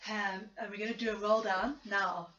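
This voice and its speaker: A woman teaching a Pilates class after an illness, giving gentle step-by-step cues with a coughing spell now and then and some self-mocking laughter. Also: medium pitch, steady tone, normal speed, reverberant, highs cut off. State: recovering from illness, coughing at times. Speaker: Pilates instructor. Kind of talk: guided exercise class cueing.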